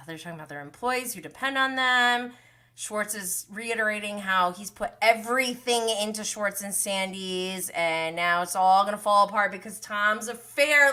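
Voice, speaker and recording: A woman hosting a casual reality TV recap livestream, animated and gushing, laughing often and swearing casually. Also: medium pitch, unhurried.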